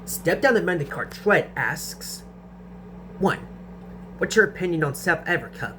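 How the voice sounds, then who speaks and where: A man's voice: a little high, animated, measured pace, sharp tone, slight background noise. A young man hosting a casual Q&A vlog, reading out viewer questions and answering them with frequent stutters and restarted sentences.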